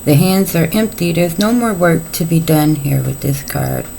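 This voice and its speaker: Casting: middle-aged woman tarot reader with a low, gravelly voice and a folksy, joking delivery. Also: animated, normal speed, mellow, a little hiss or hum, poor audio. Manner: chatty, folksy, playful asides. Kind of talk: casual tarot reading.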